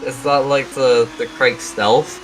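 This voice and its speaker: A man giving casual, joking commentary on a sim race, often halting and poking fun at himself. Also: medium pitch, fairly even intonation, a little hiss or hum, poor audio. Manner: joking, self-deprecating, halting.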